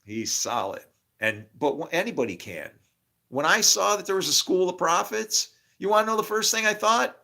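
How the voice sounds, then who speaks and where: A middle-aged man telling rambling stories in a profane, excitable way, breaking into preachy outbursts. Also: sits high, normal speed. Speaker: guest. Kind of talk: rambling storytelling monologue.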